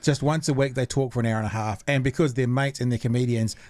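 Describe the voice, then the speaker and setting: A man's voice: mid-range voice, fairly even intonation, fast talker, darkish tone, dry recording. A man hosting a casual podcast interview, asking long rambling questions. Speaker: podcast host.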